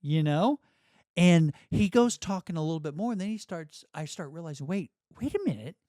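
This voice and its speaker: A middle-aged man telling a story as a guest, in a dry studio, animated and laughing often as he acts out quotes. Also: a little high, normal speed, no echo. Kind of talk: storytelling in a podcast conversation.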